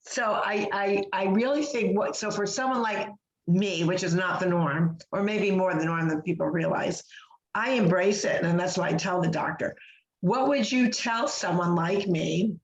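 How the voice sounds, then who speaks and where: A woman co-hosting a podcast, telling a long personal story in a chatty, animated way with lots of fillers and restarts. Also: medium pitch, moderate pace, dull audio. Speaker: podcast co-host. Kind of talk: casual podcast chat. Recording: roomy echo.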